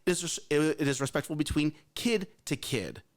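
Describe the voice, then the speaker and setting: Co-hosting a casual morning talk show, a man speaks emphatically at normal speed, his voice on the high side with lively intonation. He gives advice and keeps repeating his phrases and points.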